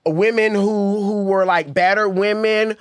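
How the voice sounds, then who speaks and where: A woman hosting a casual interview podcast, chatty, quickly reacting to her guest and summing up. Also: medium pitch, fairly even intonation, a crowd in the background. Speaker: podcast host.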